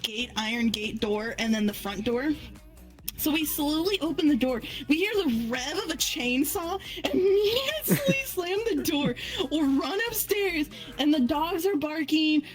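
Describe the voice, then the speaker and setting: A woman's voice: sits high, poor audio. A woman telling casual stories in a social VR game, cursing freely and laughing as she talks. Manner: swears freely, laughs through her stories. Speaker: guest answering questions. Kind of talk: casual storytelling. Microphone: headset in a social VR game.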